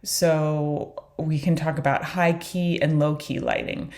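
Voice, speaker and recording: A woman teaching an online beginner drawing lesson, explaining in a relaxed way with frequent fillers. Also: low-pitched, takes it slowly. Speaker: art teacher.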